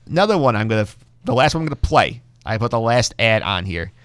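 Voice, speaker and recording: Quick-talking podcast host, man. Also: medium pitch, big pitch swings, fairly bright tone, clear, resonant tone, no room sound. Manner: quick, agreeable, steering the show. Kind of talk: casual chat.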